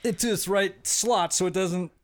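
A man's voice: high-pitched, normal speed. A man hosting a casual panel discussion, explaining ideas with energy and often checking in with "right?". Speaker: podcast host.

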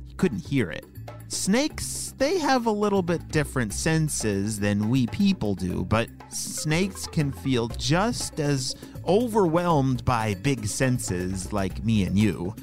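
A man narrates a children's story with a slow, unhurried pace and a very lively, swooping pitch. He explains things directly to young listeners, with faint music underneath. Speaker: children's podcast host. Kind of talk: storytelling for kids.

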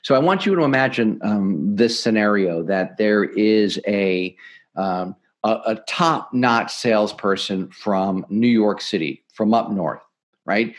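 Energetic man coaching on sales. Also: lowish voice, a little slow. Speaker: sales expert guest. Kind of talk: podcast interview, teaching sales tips.

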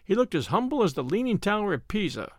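Man, wry storytelling, high voice, animated delivery. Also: fast talker, no room sound, studio quality. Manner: wry, dryly humorous storytelling. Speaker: audiobook narrator. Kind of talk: scripted narration.

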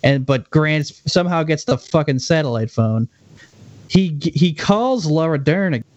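A man co-hosting a casual podcast, his voice sitting a little high. He rants with heavy sarcasm and frequent swearing, and the sound is dry and close. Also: lively intonation, unhurried, a little mellow, dry recording, dull audio. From Boston. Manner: profane, sarcastic ranting. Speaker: podcast co-host. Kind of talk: casual chat.

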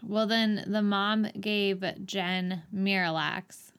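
A woman co-hosting a podcast, recapping a movie scene in a casual, incredulous, animated way. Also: mid-range voice, slow pace, clean tone. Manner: exasperated, incredulous, animated storytelling. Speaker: podcast co-host.

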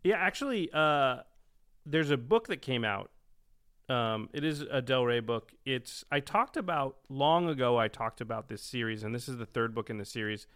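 A man's voice: mid-range voice, normal speed, fairly bright tone, clean tone. A man co-hosting a casual podcast, joking, laughing often and recommending things. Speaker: podcast co-host. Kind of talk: casual chat.

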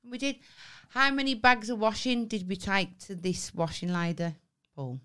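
A woman, co-hosting a podcast in casual chat and telling stories in a lively, sweary way. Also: medium pitch, moderate pace, clean tone. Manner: sweary, animated storytelling with laughs. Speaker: podcast co-host.

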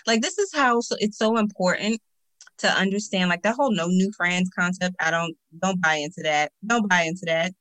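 A woman's voice: lowish voice, fairly quick, no echo, low-quality recording. A woman guest on a podcast, telling stories animatedly and repeating words for emphasis. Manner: animated storyteller, emphatic repetitions. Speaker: podcast guest, agency owner. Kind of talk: casual interview chat.

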